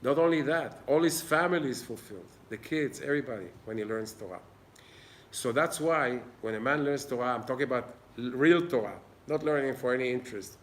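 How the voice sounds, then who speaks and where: A man's voice: medium pitch, fairly quick, a little hiss or hum. A man giving an informal Torah class in an old synagogue, earnest and plain-spoken. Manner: earnest, plain-spoken, acts out little dialogues. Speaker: Torah teacher.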